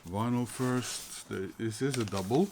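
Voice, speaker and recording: A man's voice: medium pitch, unhurried, background noise. A middle-aged man, chatting casually about records he bought, hesitant and full of fillers. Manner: hesitant, many fillers and restarts, chuckles. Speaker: record collector vlogger. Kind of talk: casual record haul chat.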